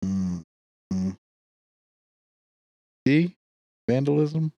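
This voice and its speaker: Jokey podcast guest guy, slow talker, dry close mic. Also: mid-range voice, animated, mellow, no echo, dull audio. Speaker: podcast guest, quiz contestant. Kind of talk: casual podcast chat.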